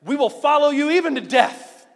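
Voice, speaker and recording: A man acting out a boastful, then panicked disciple in loud, defensive outbursts. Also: very high-pitched, lively intonation, moderate pace, vocal fry, voice pushed up, full character voice. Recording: long reverb of a large hall.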